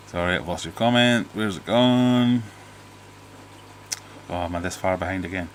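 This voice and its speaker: A man's voice: low voice, moderate pace, pauses often, a little hiss or hum. A middle-aged British man hosting a casual livestream, reading viewer comments aloud and rambling with jokes and restarts. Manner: rambling, jokey, self-interrupting. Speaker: livestream host. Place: home fish room.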